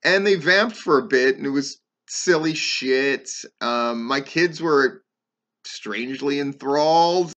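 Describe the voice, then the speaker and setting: A middle-aged man on a podcast reviews a wrestling show at a slow pace, rambling, cursing and saying "um" repeatedly. His medium-pitched voice is fairly bright, but the recording is muffled.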